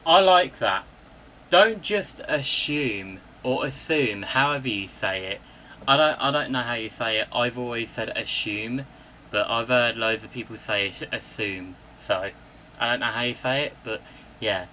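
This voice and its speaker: A man's voice: mid-range voice, normal speed, bright, forceful tone, a little hiss or hum. A man talking casually and emphatically, in an exasperated way. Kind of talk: casual ranting commentary.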